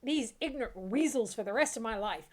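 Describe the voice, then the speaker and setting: A young dwarf cook with a slight Southern drawl, put on by a woman, grateful and a bit fussy as he talks about getting back to his kitchen. His voice sits higher and louder than an everyday speaking voice. The lines are read aloud from a fantasy game. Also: animated, a little fast. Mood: relieved.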